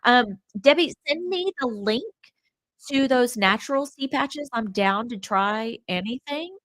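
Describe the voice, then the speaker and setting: A woman's voice: on the high side, animated, measured pace, a bit bright, dry recording, low-quality recording. Lady rambling on a travel livestream, bit stuffy nose, lots of ums and likes. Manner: chatty, rambling, many fillers. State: stuffy from a cold. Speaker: travel channel host. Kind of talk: casual livestream chat.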